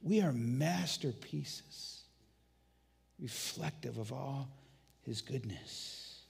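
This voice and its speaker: A man's voice: medium pitch, animated, very slow, creaky, slightly rough, in a large hall. A man preaching a sermon as a guest pastor, telling stories animatedly with frequent restarts.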